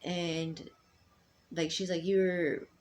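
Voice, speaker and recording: A middle-aged woman speaking to her sons in a rambling, halting personal monologue full of ums and restarts. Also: lowish voice, steady tone, creaky, slight background noise. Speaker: mother addressing her sons.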